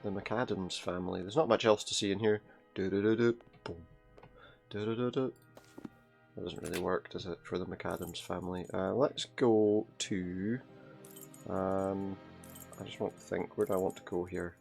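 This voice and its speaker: A man's voice: deep voice, fairly even intonation, moderate pace, vocal fry, a little mellow, faint music behind. A man giving casual let's-play commentary, chatty and thinking aloud as he goes. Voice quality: chatty, thinks aloud, repeats game lines.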